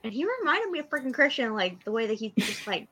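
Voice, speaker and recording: Bright-voiced kansas woman, giggly storyteller on a casual fan podcast. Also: fairly high pitch, sing-song, fast, breathy edge, rough recording. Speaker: podcast co-host. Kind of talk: casual chat.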